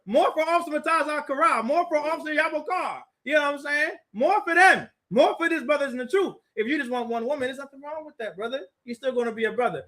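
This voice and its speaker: A man with a high, bright, sharp voice tells a story with lots of energy. He laughs often and acts out other people's words. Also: fast talker, few pauses. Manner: animated, laughing, acts out quotes. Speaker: group teacher. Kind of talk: casual storytelling chat.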